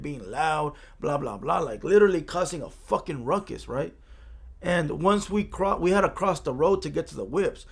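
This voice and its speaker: A man's voice: fairly high pitch, vocal fry. A man from Los County, telling a street story in a casual, profane way and often checking in with "right?". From Los Angeles County.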